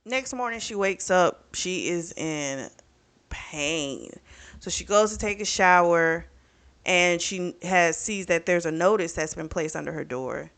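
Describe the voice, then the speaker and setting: A woman with a bright, forward voice retells a book's plot in a loose, animated way. She fills her talk with "like" and "you know" and swears freely as she recaps. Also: lowish voice, measured pace. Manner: chatty, profane, animated retelling with lots of fillers. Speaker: book reviewer. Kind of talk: casual book recap.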